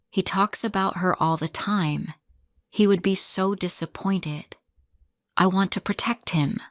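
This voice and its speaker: A woman narrating a first-person story in slow, simple sentences for English learners, with a sorrowful telling. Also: sits low, no room sound, clean studio sound.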